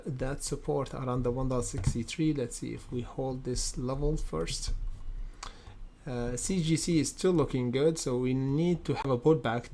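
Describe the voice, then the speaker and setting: Speaking in a mid-range voice with a darkish tone, a man hosts a live trading stream, offering market commentary as he thinks aloud. He leans on fillers and repeated phrases and addresses his viewers as guys and brother.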